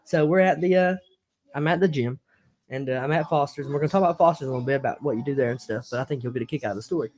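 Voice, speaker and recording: A man's voice: medium pitch, racing, a little mellow. A young man, hosting a podcast in a casual, rambling storytelling way and laughing often. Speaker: podcast host.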